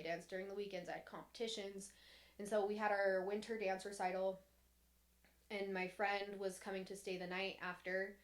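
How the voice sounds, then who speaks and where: A young woman speaks in an everyday middle-range voice, telling a personal story on a podcast. Her delivery is candid and meandering, with frequent fillers and false starts. When she quotes someone, her voice sharpens. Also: mid-range voice. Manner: candid, rambling, frequent "like" and restarts. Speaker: podcast co-host.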